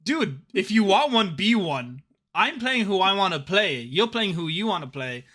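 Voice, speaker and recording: Bright, slightly high young man ranting. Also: very animated, moderate pace. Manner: laughing often, joking rants. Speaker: podcast co-host. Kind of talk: casual gaming chat.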